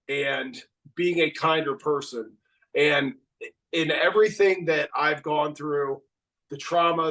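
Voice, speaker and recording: A man's voice: a little high, bright, forceful tone. A man hosting a podcast, chatting casually and enthusiastically with his guest. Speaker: podcast host. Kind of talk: casual interview chat. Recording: voice distant from the mic.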